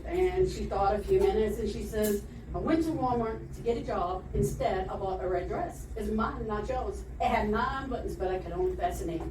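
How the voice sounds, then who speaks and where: A woman's voice: medium pitch, normal speed, distant mic, background noise. A woman telling jokes at an open mic comedy night, rambling and laughing at her own punchlines. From Florida, USA. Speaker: stand-up comedian. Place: comedy club stage. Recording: echoey room recorded from afar.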